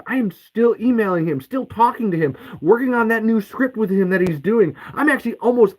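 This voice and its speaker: A man's voice: sits high, low-quality recording. A man hosting a podcast, ranting in anger with heavy swearing and repeated curses. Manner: profane, heated, repeats curses. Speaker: podcast host. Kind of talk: angry ranting podcast monologue.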